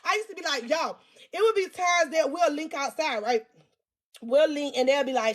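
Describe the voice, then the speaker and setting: High-pitched lady vlogger doing a storytime, crude and roasting herself, loud bursts. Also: fast. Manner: crude, self-mocking, addresses viewers directly; animated, loud bursts when teasing herself. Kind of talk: storytime vlog.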